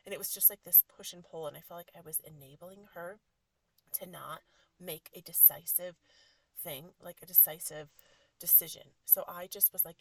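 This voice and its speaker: A woman in her thirties hosting a podcast, telling a rambling, animated story in a casual way and saying "like" a lot. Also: on the low side, normal speed, dry recording. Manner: rambling, heavy use of "like", animated retelling. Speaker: podcast host and energy healer.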